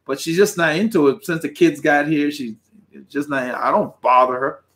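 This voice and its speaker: A man's voice: a little high, normal speed, a bit bright. Chatty middle-aged man, rambling cheerfully. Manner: rambling and conversational, with chuckles. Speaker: host of a cycling channel. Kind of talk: live-stream chat reading viewer comments.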